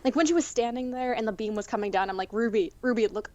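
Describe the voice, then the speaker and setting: Higher-voiced woman co-host on a call. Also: very fast, mellow, no room sound. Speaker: podcast co-host. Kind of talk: casual live-stream chat. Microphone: call into the stream.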